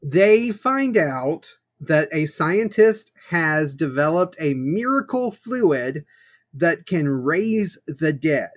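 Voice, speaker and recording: A man's voice: a little high, expressive, slow pace. A man co-hosting a podcast in casual chat, wry and thoughtful, laughing easily. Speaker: podcast co-host. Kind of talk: casual chat reviewing a tokusatsu show.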